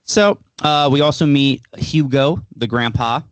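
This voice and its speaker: A man's voice: mid-range voice, measured pace, smooth, no room sound. A man co-hosting a podcast, recapping a film step by step with dry jokes in casual chat. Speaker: podcast co-host.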